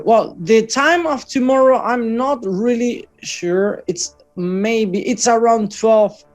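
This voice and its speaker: A man from Catalonia, chatting casually about football news, often hesitating and correcting himself. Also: high-pitched.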